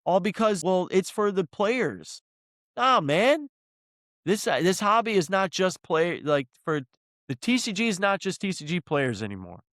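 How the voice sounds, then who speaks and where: Man co-host, higher-pitched voice, close dry mic, ranting and cursing in a heated podcast argument. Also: very animated, measured pace, fairly bright tone, no echo. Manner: worked up, ranting, swears often. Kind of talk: heated casual podcast discussion.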